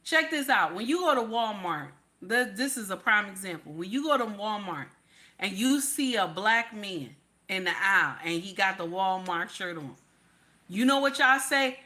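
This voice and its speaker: A woman's voice: mid-range voice, expressive, normal speed, pushed and bright. A woman host ranting in casual commentary, blunt and profane, repeating her lines for emphasis.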